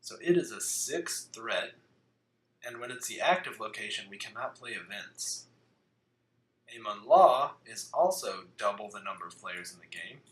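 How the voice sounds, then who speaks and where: A man's voice: lowish voice, expressive. A man hosting a casual tabletop card game podcast, reading rules aloud and cracking jokes. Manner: jokey, reads rules aloud briskly. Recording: echoey room with faint background hiss.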